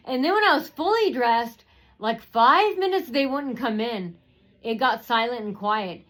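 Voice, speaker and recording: A woman's voice: on the high side, animated, a little slow, a bit bright, poor audio. A woman telling a personal story in a rambling way, with many fillers and restarts.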